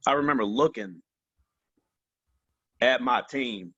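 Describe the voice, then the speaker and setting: A man's voice: medium pitch, a little slow, long pauses, fairly bright tone, no echo, highs cut off. A man in his forties, a company vice president, giving earnest interview answers, repeating phrases and often saying "man" and "you know".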